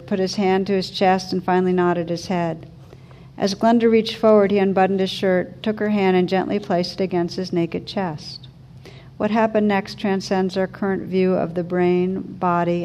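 Woman, reflective spiritual talk, gentle and unhurried, relaxed low-key tone, faint background hiss. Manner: slow, gentle, thoughtful delivery. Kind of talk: reflective talk with a story read aloud.

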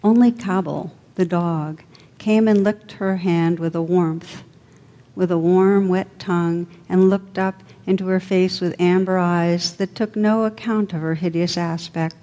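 Low-voiced woman reading a storybook. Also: steady tone, a little slow, mellow. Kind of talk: storybook narration. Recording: long hall reverb.

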